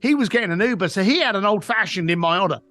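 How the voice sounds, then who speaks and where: A man who tells stories with emphasis, a podcast guest who acts out every quote. His voice is high for a man and swings widely in pitch, recorded dry and close. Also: lively intonation, very fast, pushed and bright, no echo. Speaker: guest, coach and author. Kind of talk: podcast interview storytelling.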